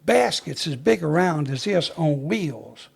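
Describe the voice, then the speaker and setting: A man's voice: on the high side, lively intonation, a little slow, creaky, slightly rough. An older man, a retired fire chief, telling stories in an interview in a folksy way and acting out the voices of the people he recalls. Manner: folksy storyteller who acts out the dialogue he recalls. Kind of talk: storytelling interview.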